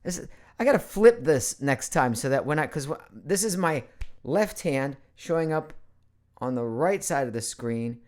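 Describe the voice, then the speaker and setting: A middle-aged male voice actor hosts a casual live Q&A stream from his home computer. His voice is on the high side, expressive, a little slow and darkish, and he's playful and chatty, rambling from one topic to the next.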